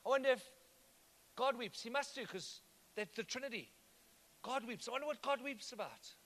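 Very high-pitched and sharp in tone, a male pastor delivers his sermon at a moderate pace. He keeps it conversational, frequently checking whether the congregation is following along.

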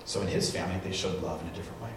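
A man preaching a sermon, animated as he acts out what people said. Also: low voice, very fast. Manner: animated storytelling, acts out quotes. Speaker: pastor. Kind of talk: sermon with live demonstration. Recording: echoey hall, distant mic, noisy.

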